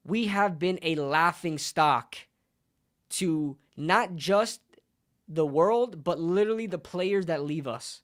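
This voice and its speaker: A man's voice: fairly high pitch, takes it slowly, fairly bright tone. A man hosting a sports channel, passionately arguing an opinion and repeating points for emphasis. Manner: passionate, repetitive, argumentative.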